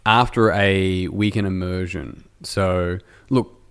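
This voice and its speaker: A man from Australia hosts a podcast interview, his voice sitting very low. He talks in a loose, rambling way, poking fun at himself as he goes. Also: fairly even intonation, slow pace, fairly bright tone, clean tone. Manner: rambling, self-deprecating, jokey. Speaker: podcast host. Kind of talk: casual interview chat. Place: indoor room, in person.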